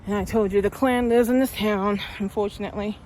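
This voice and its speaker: A woman's voice: mid-range voice, steady tone, brisk, darkish tone, slight background noise. Breathless woman vlogging while walking. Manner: chatty storytelling, heated when upset. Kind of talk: casual walking vlog. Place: outdoors, walking.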